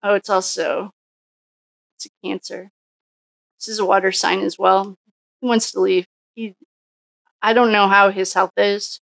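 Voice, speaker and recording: A woman's voice: medium pitch, level tone, a little slow, creaky, pauses often, a bit bright, dry recording. A woman doing a casual solo tarot reading, musing and thinking aloud with frequent restarts. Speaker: psychic tarot reader.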